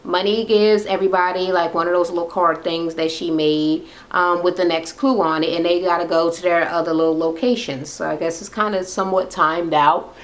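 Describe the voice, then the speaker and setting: A woman's voice: fairly low pitch, steady tone, a little fast, hardly any pauses, rough recording. A woman giving a casual, profane recap of a reality show, blunt and sassy. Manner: blunt, sassy, swears freely.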